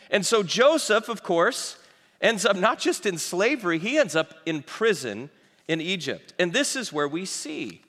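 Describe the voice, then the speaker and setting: A man preaching a sermon, telling stories animatedly and shifting between loud and hushed passages. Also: on the high side, long reverb tail. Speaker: pastor.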